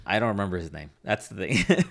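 A young man hosting a podcast, chatting casually with relaxed, dry humor. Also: on the low side, quick pace, vocal fry. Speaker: podcast host. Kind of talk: casual chat.

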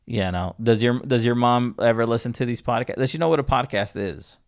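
A young male podcast co-host talks a little fast in a mid-range voice. The show is casual, and he rambles, stumbles over words, interrupts himself and laughs often.

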